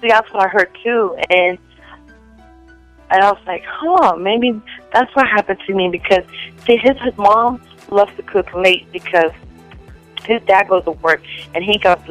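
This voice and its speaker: A woman telling rambling stories in a casual chat, full of "like" fillers and animated quotes of other people. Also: medium pitch, a little slow, long pauses, faint music behind, poor audio.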